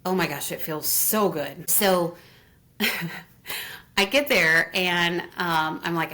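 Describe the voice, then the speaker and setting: A middle-aged woman telling a story as an interview guest, gushing and animated, with lots of fillers. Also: fairly low pitch, measured pace. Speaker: guest, Reiki teacher.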